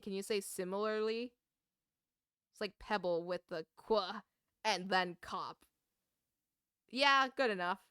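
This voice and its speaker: A young woman streaming a game, ranting casually with swearing and quick laughs while chatting to viewers. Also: medium pitch, a bit bright, clean tone, no echo, studio quality. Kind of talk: casual gaming stream chat.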